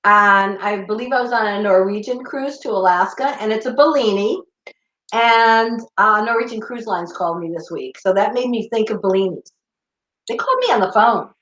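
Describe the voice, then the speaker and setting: A woman co-hosting a chatty show from home, animated and easily sidetracked. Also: medium pitch, moderate pace, reverberant, muffled recording. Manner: animated, scattered, laughing. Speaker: podcast co-host. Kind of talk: casual chat. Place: home room.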